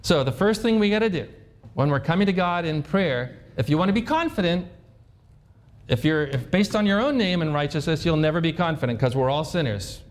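A man's voice: a little high, lively intonation, fairly quick. A male pastor preaching a conversational sermon, asking the congregation questions and acting out sample prayers. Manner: acts out sample prayers in his own voice.

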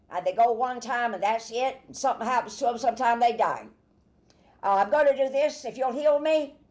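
A woman preaching a sermon in an emphatic way, breaking into loud bursts and then dropping to soft asides. Her voice sits at a middle pitch for a woman.

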